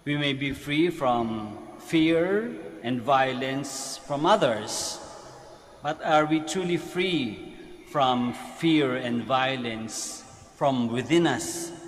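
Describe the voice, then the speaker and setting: Filipino priest preaching in a reverberant basilica. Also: male voice, medium pitch, animated, slow pace. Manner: switches between Tagalog and English, repeats phrases for emphasis. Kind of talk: homily at Mass. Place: large basilica church. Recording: long church reverb, faint ambience.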